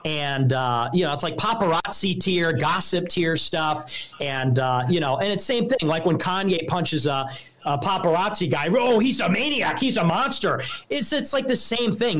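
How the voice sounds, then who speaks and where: A man on a livestream rants dismissively about people he looks down on. His voice sits a bit higher than most men's. He talks loosely, with lots of fillers. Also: a bit bright, rough recording. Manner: dismissive rant, mimics opponents in mocking voices. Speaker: livestream host. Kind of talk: ranting livestream commentary.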